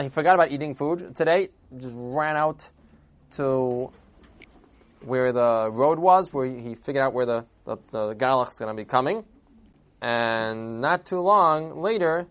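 A man narrating a traditional story in an animated, chatty way, his pitch swinging widely. He talks casually, with restarts and asides to the listeners. He slips into character voices as the tale goes on. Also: unhurried. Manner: lively, conversational, acts out voices.

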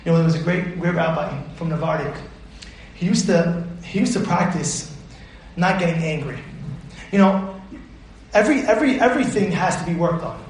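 A man's voice: a little high, expressive, moderate pace, long pauses, slight background noise. A man, a rabbi, giving an emphatic Torah class lecture, repeating his points and putting questions to his listeners. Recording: roomy echo.

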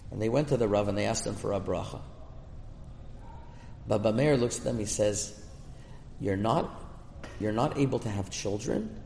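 A man's voice: fairly low pitch, vocal fry, darkish tone, a little hiss or hum. A man giving a Torah class as a rabbi, telling a story in an earnest, emphatic way and mixing in Hebrew terms. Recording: echoey room with long reverb.

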